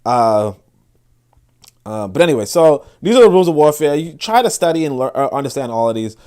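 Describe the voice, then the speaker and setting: A man's voice: mid-range voice, expressive, a little fast, dark tone, clear, resonant tone. A man hosting a podcast, talking casually and rambling with many restarts and fillers while he reads and explains passages. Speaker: podcast host. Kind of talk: casual commentary with reading aloud.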